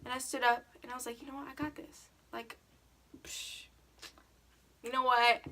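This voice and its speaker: A teenage girl talks through a casual question-and-answer vlog, rambling into stories with plenty of "like". Her voice is bright and a little high, with a lively edge. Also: normal speed. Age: teens. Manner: chatty storytelling, lots of "like". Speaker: vlogger.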